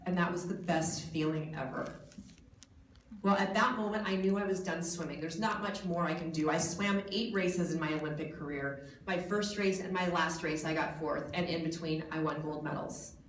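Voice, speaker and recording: An American woman in her forties gives a keynote speech to a crowd in a hotel hall, with a voice that sits a little low for a woman. She tells her story in a jokey way and pokes fun at herself. She is heard from some way off the mic, and the hall gives her voice a lot of echo. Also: normal speed, a little hiss or hum. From United States. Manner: jokey, self-mocking storytelling. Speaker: guest speaker. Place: large hotel event hall. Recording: echoey hall from a distance.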